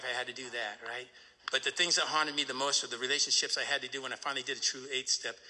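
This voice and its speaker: Fast, bright-voiced man telling his story. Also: medium pitch. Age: middle-aged. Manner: storytelling, acts out quoted voices, tag question "right?". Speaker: recovery meeting speaker. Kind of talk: personal recovery story told to a live audience. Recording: echoey hall.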